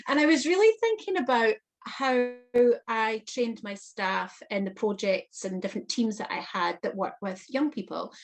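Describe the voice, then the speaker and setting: A woman guest on an interview, recounting a personal experience in an animated manner with frequent laughter. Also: fairly high pitch, moderate pace. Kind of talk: storytelling interview.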